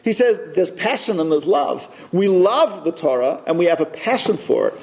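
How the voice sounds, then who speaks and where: A man's voice: sits high, sing-song, moderate pace, a little mellow. A man giving an anecdotal talk to a congregation, repeating phrases for emphasis as he tells a story.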